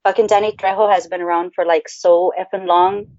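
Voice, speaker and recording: A woman co-hosting a podcast in casual chat, profane and animated as she rambles. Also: on the low side, brisk, dry recording. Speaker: podcast co-host. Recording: dull lo-fi sound.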